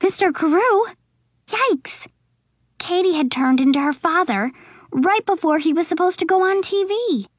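A woman reading a children's storybook aloud, slow and expressive, putting on voices for the characters. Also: very high-pitched, no echo, clean studio sound. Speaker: audiobook narrator. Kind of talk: storybook narration.

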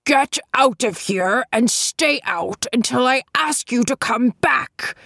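A woman's voice: medium pitch, expressive, unhurried, no room sound, clean studio sound. A woman voicing a stern, frail old man with a long beard who speaks testily and thunders when angered. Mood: furious.

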